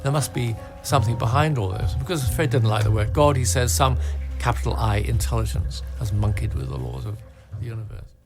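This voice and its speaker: An older English man, a physicist and cleric, telling a science story in a measured, explanatory way. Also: mid-range voice, animated, music in the background. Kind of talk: recorded lecture talk.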